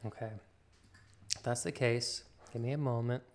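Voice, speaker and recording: A man hosting a casual livestream, chatting with viewers and talking softly to his pet between remarks. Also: mid-range voice, fairly even intonation, moderate pace. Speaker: livestream host.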